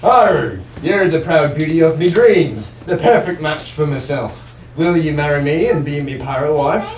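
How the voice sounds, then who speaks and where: A man's voice: on the high side, normal speed, slight background noise, natural voice. A teenage boy voicing a blustering young pirate prince in a puppet play, brusque and bossy in pirate talk. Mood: gruff. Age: teens. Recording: roomy hall from far off.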